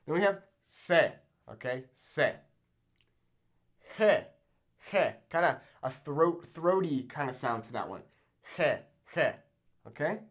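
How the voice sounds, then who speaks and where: A young man teaching a Spanish pronunciation lesson at a board, upbeat, repeating words slowly and checking in with "okay?" after each one. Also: a little high, animated. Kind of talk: whiteboard language lesson. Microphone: camera in a classroom-style setup at a board.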